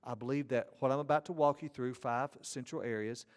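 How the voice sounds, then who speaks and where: A man's voice: medium pitch, brisk, smooth. A man with a Southern Georgia accent giving a conference lecture as an ethics teacher, folksy and given to joking asides. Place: large church auditorium. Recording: reverberant hall.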